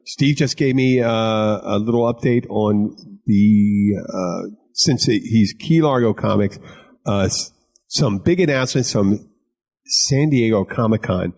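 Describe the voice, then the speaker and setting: A man's voice: on the low side, measured pace. A middle-aged man from Philadelphia co-hosting a casual chat, joking and swearing freely. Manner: profane, joking, jumps into loud put-on voices. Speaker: podcast co-host.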